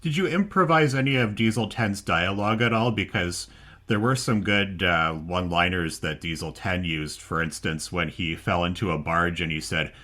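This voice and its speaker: A man hosting an interview podcast, asking steady, prepared questions. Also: low voice, moderate pace. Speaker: podcast host.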